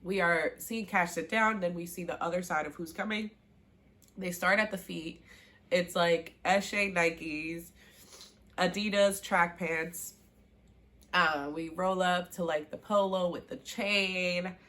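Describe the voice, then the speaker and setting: Her voice is on the low side and she takes her time. As a show recap vlogger, she walks through a TV season in a loose, animated way, playing out character lines and gushing about favorite scenes.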